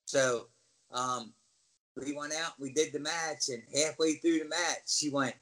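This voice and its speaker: A man's voice: fairly high pitch, unhurried, low-quality recording. A middle-aged man, a former wrestler, telling backstage stories in casual chat and acting out the voices of the people in them. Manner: animated storyteller, acts out voices and yells. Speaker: interview guest, former wrestler. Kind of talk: casual storytelling.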